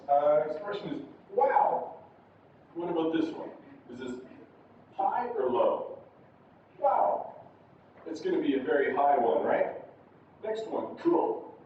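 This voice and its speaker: A man teaching a university English class, giving patient step-by-step instructions and acting out exaggerated high and low intonation examples. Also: slight background noise. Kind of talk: classroom lesson. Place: large classroom. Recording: roomy, distant, dull classroom audio.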